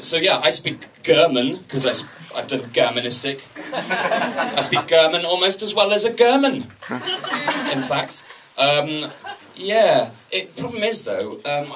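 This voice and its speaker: A man's voice: mid-range voice, far from the mic, noisy background. Wry self-mocking stand-up comic man. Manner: self-deprecating, wry, chatty with the crowd. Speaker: stand-up comedian. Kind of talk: open-mic stand-up. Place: comedy club stage.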